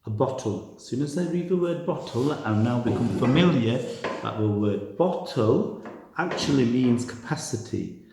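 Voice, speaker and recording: A man's voice: mid-range voice, animated, normal speed, gravelly, a little mellow, a little hiss or hum. A man tutoring a maths lesson, reasoning aloud step by step and repeating key words. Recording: very echoey room.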